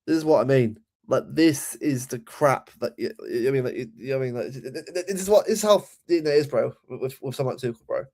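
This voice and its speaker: A man's voice: medium pitch, fast, few pauses, darkish tone. A young man giving a heated, sweary football rant, often repeating and restarting his words. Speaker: football channel host.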